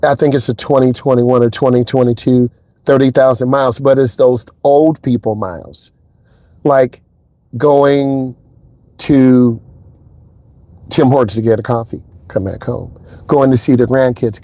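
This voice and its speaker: A man talking casually as a driving instructor inside a car, telling stories in a lively way and acting out what people said. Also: a little slow, no room sound. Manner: animated storyteller, acts out quotes in a higher voice. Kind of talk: casual vlog talk.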